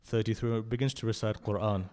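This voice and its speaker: A man speaking at a mourning gathering in a religious centre hall, reciting with passion, swelling to loud cries and dropping low again, often asking the listeners direct questions. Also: fairly even intonation, a little fast, clear, resonant tone.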